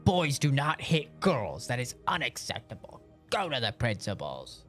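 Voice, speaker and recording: A man's voice: mid-range voice, huge pitch swings, measured pace, a bit bright, soft background music. A man doing a curt scolding teacher. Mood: stern scolding. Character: stern angry woman schoolteacher.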